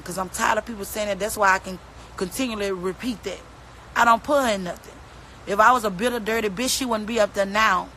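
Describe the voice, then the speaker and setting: A woman's voice: medium pitch, bright, forceful tone, slight background noise, rough recording. A woman, ranting bluntly and profanely into her phone during a livestream. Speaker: mother speaking out on social media. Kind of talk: angry livestream rant.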